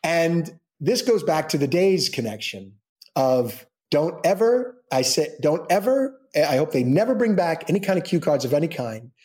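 Animated older male storyteller. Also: moderate pace. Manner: animated storyteller acting out quotes with bursts of high pitch. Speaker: actor guest. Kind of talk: casual anecdote telling.

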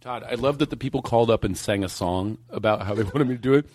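A man guesting on a comedy podcast, playful and slipping into quick mimicry. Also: fairly low pitch, a little mellow, dry recording. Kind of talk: casual comedy chat.

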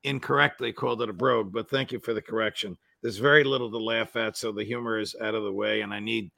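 A man's voice: fairly low pitch, fairly even intonation, fast, gravelly, bright, forceful tone, no echo, studio quality. An older man hosting an interview in a formal, courteous manner. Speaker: host.

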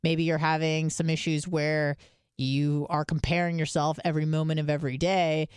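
Woman, podcast co-host, casual storytelling, swears a lot, lowish voice, dry close sound. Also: little pitch movement, normal speed, a little mellow, clean tone, no echo. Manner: chatty storytelling, swears freely. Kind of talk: casual chat.

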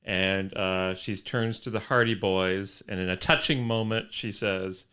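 Bright-toned man with dry asides. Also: sits low, steady tone, unhurried, hardly any pauses, smooth. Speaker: podcast co-host. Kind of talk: casual recap chat.

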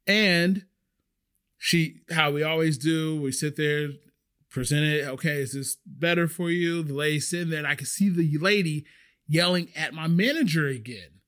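A man who works as a restaurant server, telling a story in a chatty, animated way. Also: fairly high pitch, moderate pace. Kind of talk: casual storytelling.

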